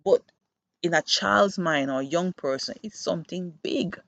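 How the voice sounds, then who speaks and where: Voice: mid-range voice, moderate pace, vocal fry, fairly bright tone, no room sound. A podcast host who works with children gives an earnest, reflective monologue and explains through classroom stories. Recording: dull, muffled dry recording.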